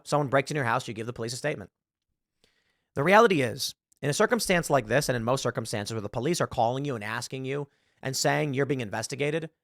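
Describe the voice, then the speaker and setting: A man hosting a talk show, reading an article aloud and retelling stories in a sarcastic, animated way. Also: mid-range voice, no echo, studio quality. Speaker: podcast host.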